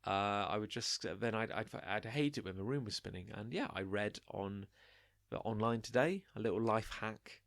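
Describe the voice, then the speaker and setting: A young man with a lowish voice tells drinking stories on a podcast, slipping into quoted voices and laughing along. The sound is dry and close, with no room around it. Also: lively intonation, normal speed, creaky, fairly bright tone, no room sound. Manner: rambling anecdotes with acted-out quotes, laughing. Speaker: podcast co-host. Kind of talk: casual chat.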